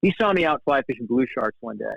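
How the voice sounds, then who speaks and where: Sex: man. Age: 50s. Role: guest, fly fishing guide. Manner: animated storyteller who acts out quoted dialogue. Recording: dry, dull podcast audio. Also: medium pitch, fast talker, vocal fry, no room sound. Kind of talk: casual storytelling in conversation.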